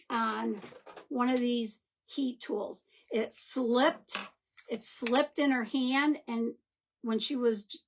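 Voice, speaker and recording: A woman's voice: on the high side, fairly bright tone. A woman hosting a live crafting demo, chatting and greeting viewers by name as she works. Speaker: craft livestream host.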